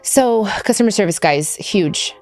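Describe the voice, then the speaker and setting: A woman in her thirties hosting a podcast, telling stories in casual chat with lively quoted asides. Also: mid-range voice, a little slow. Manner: chatty storytelling with animated quoted asides. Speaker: podcast host.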